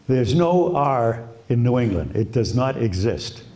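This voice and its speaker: An older man with a Boston accent tells anecdotes from his broadcasting career in an easygoing, unhurried way, slipping into quick voices for the people in his stories. His tone is mellow and warm rather than bright. He is recorded in a roomy space in front of a live audience, and the room echoes around him. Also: medium pitch. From Quincy, Massachusetts. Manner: relaxed anecdotal storytelling, imitates voices. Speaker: retired radio broadcaster, guest. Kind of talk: storytelling at a live talk.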